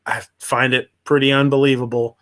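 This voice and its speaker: A man hosts a casual livestream and reads through a news story as he talks. He wanders off track, stops to restart his sentences, and fills the gaps with ums and uhs. His voice sits at an ordinary middle pitch. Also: flat delivery, fairly quick, fairly bright tone. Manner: rambling, hesitant, many fillers and restarts. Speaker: livestream host.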